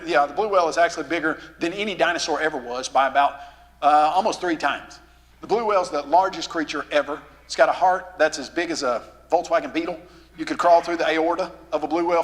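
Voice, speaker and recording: A man with a Southern drawl giving a lively, folksy lesson to a youth rally in a church, quizzing the crowd as he goes. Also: high-pitched, big-room sound. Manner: asks the crowd questions, folksy and animated. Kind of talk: lively teaching talk to teens. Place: church hall, live audience.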